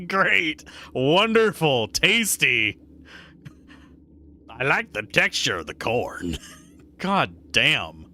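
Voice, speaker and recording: A man's voice: on the high side, big pitch swings, a little slow, pauses often, pushed and bright. A man streaming a game live, playfully reading dialogue aloud and joking about it.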